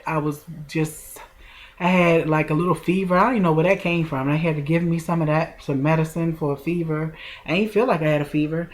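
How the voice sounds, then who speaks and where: A woman in her forties telling a personal story in a casual vlog, chatty and talking straight to her viewers. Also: low-pitched. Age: 40s. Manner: chatty, addresses viewers directly, drawn-out emotional retelling. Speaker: vlogger.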